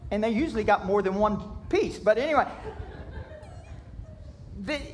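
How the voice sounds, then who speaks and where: High-voiced folksy Kentucky preacher. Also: male voice, lively intonation, normal speed, slight background noise. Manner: folksy, jokey storytelling with sound effects. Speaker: pastor. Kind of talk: sermon.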